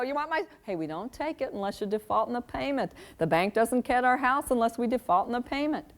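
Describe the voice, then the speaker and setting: A middle-aged woman giving a live parenting lecture, wry and lively, acting out quoted parents and kids. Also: fairly high pitch. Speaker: parenting speaker.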